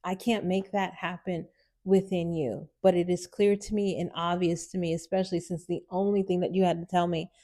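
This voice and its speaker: A woman's voice: fairly low pitch, level tone, moderate pace, mellow. A woman speaking straight to her mother in an emotional monologue, hurt and pleading, close to tears. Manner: hurt, pleading, repetitive apologies. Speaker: vlogger addressing her mother. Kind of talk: emotional direct-to-camera monologue.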